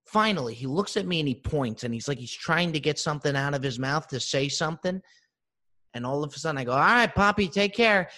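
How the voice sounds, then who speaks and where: A man's voice: fairly high pitch, quick pace. A man hosting a podcast, telling comic stories from his living room with swearing and mimicry. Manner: animated storytelling with profanity and mimicry. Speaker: podcast host. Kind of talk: comedic monologue. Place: living room with open windows.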